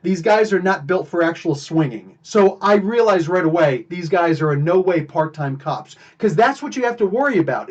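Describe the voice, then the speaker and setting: High-voiced man telling a story. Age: adult, married. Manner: animated, emphatic retelling of a confrontation. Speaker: podcast host. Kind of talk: casual storytelling on a live stream.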